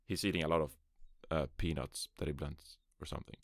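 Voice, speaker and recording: Here the man's voice rumbles low with fairly even intonation and a brisk delivery, recorded dry at studio quality. Alone in a small closet with a USB mic for his debut esports podcast, he rambles in an offhand way and keeps undercutting himself.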